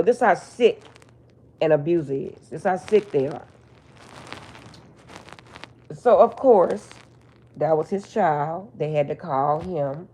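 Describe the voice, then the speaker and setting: A woman's voice: deep voice, takes it slowly, pauses often, dark tone, breathy edge. A middle-aged woman, a spiritual reader, telling a personal story in a blunt, emphatic, profane way. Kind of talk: casual storytelling monologue.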